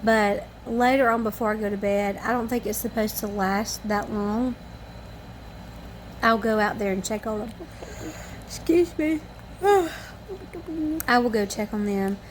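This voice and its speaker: A woman's voice: mid-range voice, fairly even intonation, moderate pace, slight background noise. A tired woman chatting casually to camera at home in the evening, rambling in a homespun way. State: tired and yawning. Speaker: family vlogger.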